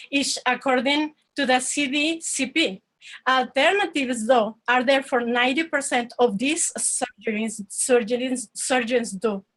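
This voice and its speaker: A woman. Her voice sits high, and she talks earnestly, stopping and restarting as she goes. She is heard over an online call. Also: fairly bright tone, rough recording. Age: 40s. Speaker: storyteller. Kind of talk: personal storytelling performance. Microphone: online video call.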